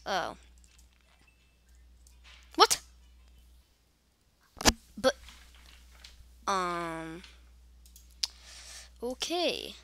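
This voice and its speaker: Bright-voiced young woman grumbling through gameplay. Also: medium pitch, a little slow, long pauses. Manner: chatty, grumbling, mock-scared asides. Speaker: gaming channel host. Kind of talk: casual gameplay commentary.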